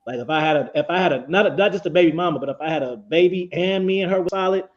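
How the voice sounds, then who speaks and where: A man on a discussion panel rambles loosely and swears freely. His voice is a bit high for a man, and the recording sounds dull and lo-fi. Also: very fast. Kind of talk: casual panel chat. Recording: dull lo-fi audio.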